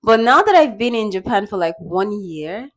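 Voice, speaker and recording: A young woman from Nigeria talking casually to the camera in a vlog, chatty and lively, acting out little bits of dialogue. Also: medium pitch, normal speed. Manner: chatty, animated, acts out quoted dialogue with laughs. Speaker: vlogger. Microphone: small bought microphone.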